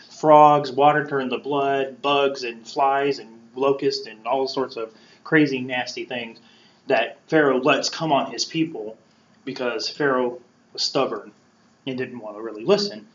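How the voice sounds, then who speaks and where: A man's voice: mid-range voice, fairly even intonation, moderate pace. A man giving a casual Bible teaching as a podcast host, acting out the quotes playfully in a conversational way. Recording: roomy, dull lo-fi sound.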